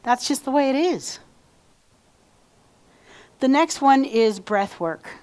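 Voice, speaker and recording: A woman minister delivers a sermon in a relaxed, conversational way, stopping to lead her congregation through repeated affirmations. Her voice sits a little high for a woman. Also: slow. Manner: conversational, leads call-and-response affirmations. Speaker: reverend. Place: church sanctuary.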